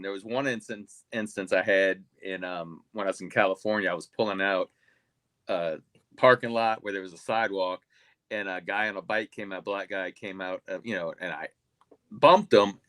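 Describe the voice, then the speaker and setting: A man's voice: on the low side, sharp tone, no echo. Guy on a talk panel, lots of restarts, dry mic. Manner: hesitant, restarts often, then argues firmly. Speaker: panel guest. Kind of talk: casual panel discussion.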